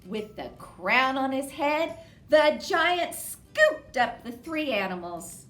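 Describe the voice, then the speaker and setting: A children's librarian reading a picture book aloud, slow and dramatic. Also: female voice, sits high, animated, a bit bright, soft background music. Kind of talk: storybook read-aloud. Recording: roomy echo.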